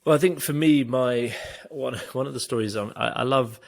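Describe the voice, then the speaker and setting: A man's voice: mid-range voice, normal speed, vocal fry. A young man co-hosting a casual podcast, chatty and jokey, rambling with plenty of fillers. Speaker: podcast co-host. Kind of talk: casual chat.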